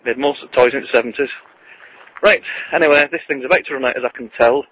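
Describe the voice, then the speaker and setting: A middle-aged man, chatting and telling jokes while out on a walk, deadpan and rambling. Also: mid-range voice, fast, husky, lo-fi sound. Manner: chatty, deadpan, puts on voices for joke characters. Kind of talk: rambling joke-telling vlog. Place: outdoors on a walk.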